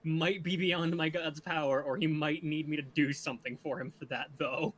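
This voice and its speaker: A man's voice: fairly high pitch, steady tone, normal speed, a bit bright, slight background noise. A man playing a tabletop game, chatting in a playful, rambling way. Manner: playful, laughs easily, rambling. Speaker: player. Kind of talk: casual chat at a tabletop game.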